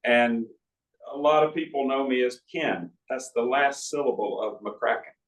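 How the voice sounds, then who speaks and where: A man's voice: mid-range voice, measured pace. A man in his sixties, an author, telling folksy stories with asides to a live audience in an arts center auditorium. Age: 60s. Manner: folksy anecdotal storytelling with asides. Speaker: author at a book talk. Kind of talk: storytelling talk to an audience. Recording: roomy hall audio from a distance.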